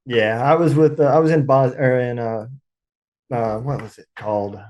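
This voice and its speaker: Laid-back man with a mellow voice. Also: medium pitch, steady tone, normal speed, muffled recording. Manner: laid-back, laughs along often. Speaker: podcast host, veteran. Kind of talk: casual interview chat.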